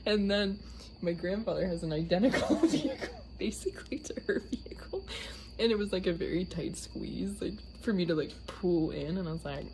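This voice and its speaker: A woman's voice: on the low side, normal speed, a little mellow, slight background noise. A young woman casually telling a funny story, laughing often mid-sentence.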